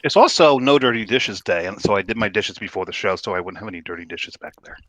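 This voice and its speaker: A man co-hosting a casual beer show, making quick puns and quips. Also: lowish voice, fairly bright tone, a little hiss or hum. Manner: punning, fast, quips. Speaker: podcast co-host. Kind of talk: casual chat.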